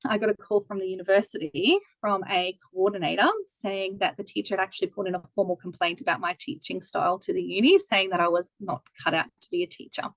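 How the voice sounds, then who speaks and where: Casting: Australian woman in her thirties, animated storyteller, video call guest, dry close sound. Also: medium pitch, fast, gravelly, hardly any pauses, no echo, poor audio. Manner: lively, animated storyteller who acts out quoted voices. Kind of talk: casual storytelling interview.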